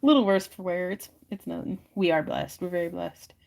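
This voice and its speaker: A woman's voice: fairly low pitch, brisk, creaky, a little mellow. A young woman hosting a live stream auction, chatting casually, giggling often and reading viewer comments aloud.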